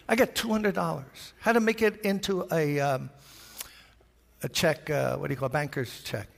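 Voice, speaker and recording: Gravelly Brooklyn pastor telling a story. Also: male voice, on the high side, normal speed. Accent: New York. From Brooklyn, New York. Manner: animated storyteller, acts out voices. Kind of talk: storytelling sermon. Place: large church. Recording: reverberant church hall.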